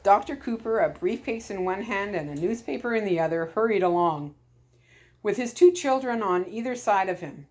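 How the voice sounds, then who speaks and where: A woman storyteller reading chapters of a storybook aloud in a calm, steady way. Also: mid-range voice, moderate pace.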